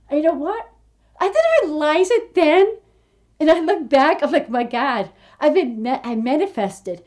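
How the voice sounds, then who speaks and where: Woman, fifties, high voice, earnest, rambling, heartfelt, casual vlog. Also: a little mellow. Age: 50s. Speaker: aspiring actor vlogger.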